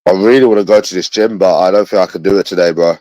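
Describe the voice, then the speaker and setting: Low-voiced bitter London man ranting. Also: fairly even intonation, rapid-fire, warm tone, dry recording, rough recording. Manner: bitter, repetitive, swears often. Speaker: livestreamer talking to his chat. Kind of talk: rambling livestream monologue.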